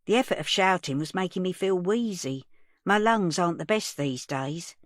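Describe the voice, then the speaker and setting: A woman's voice: lowish voice, expressive, moderate pace, no echo, clean studio sound. A woman reading a first-person audiobook, narrating as the story's teller. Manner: plain storytelling.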